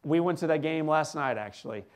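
An American man giving an inspirational storytelling speech, swinging between loud emphasis and hushed asides and asking the audience questions. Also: a little high, brisk, smooth. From United States. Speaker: motivational keynote speaker.

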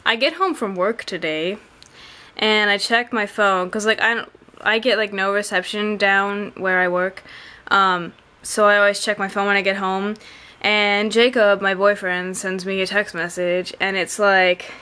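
A woman's voice: medium pitch, steady tone, unhurried, bright, forceful tone, smooth. A young woman vlogging to camera, chatty and rambling with many fillers, on the camera's own mic. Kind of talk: casual chat to camera.

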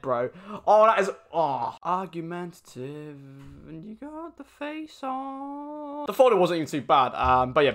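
A young man commentating as he opens game card packs, excitable and swearing, with sudden shouts. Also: a little high. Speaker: gaming YouTuber. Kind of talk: excitable pack-opening commentary.

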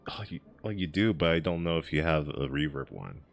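A man streaming a game, chatting casually, laughing often and thinking out loud as he works through clues. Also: a bass voice, sing-song, vocal fry. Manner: laughs often, thinks aloud, spells words out slowly. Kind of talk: casual gameplay chat. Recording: faint game music behind.

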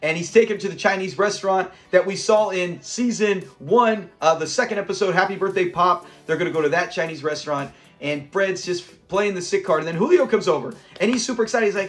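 A man from Southern California casually recapping a sitcom episode, chatty and quick to laugh as he acts out the lines. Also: high-pitched, fairly bright tone. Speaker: host of a sitcom review channel.

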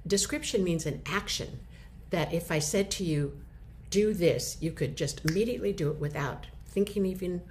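Middle-aged woman, lower voice, friendly explainer type for a teaching talk. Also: normal speed, darkish tone, slight background noise. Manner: conversational, explains with short acted examples. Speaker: communication teacher. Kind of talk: instructional talk to camera.

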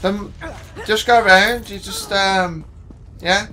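A man's voice: high-pitched, fairly even intonation, slow pace, noisy background. A young man chatting while he plays a video game, rambling and hesitant but playful. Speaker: gaming channel co-host. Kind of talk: casual gameplay banter.

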